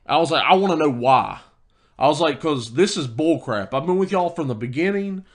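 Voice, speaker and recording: A man's voice: on the high side, expressive, a little fast. A man co-hosting a podcast, telling a heated story in casual chat with many restarts. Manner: storytelling, quoting himself heatedly, lots of restarts. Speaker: podcast co-host.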